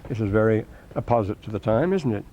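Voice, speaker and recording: A man's voice: fairly low pitch, animated, fast talker, mellow, lo-fi sound, a little hiss or hum. An older man giving a rambling classroom lecture, with many restarts and asides.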